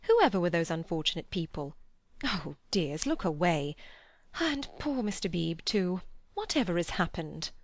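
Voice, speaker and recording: A woman's voice: fairly low pitch, sing-song, unhurried, no room sound. Fussy, fretful mother figure for an audiobook , voiced by a woman, dry close sound. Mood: flustered. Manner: exclaiming, fretful. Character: flustered fussy middle-aged mother.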